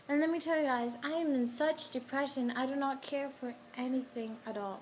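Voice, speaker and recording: Talking briskly with few pauses in a high-pitched voice, this teen vlogger rants at the camera, swearing a lot and reenacting what happened as a two-sided conversation. Faint rooster crows drift in from outside amid slight background noise.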